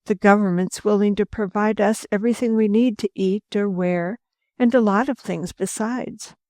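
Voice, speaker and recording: A woman's voice: medium pitch, fairly even intonation, moderate pace, warm tone, dry recording, studio quality, lightly acted. A woman reading a drawling young settler man. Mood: easygoing.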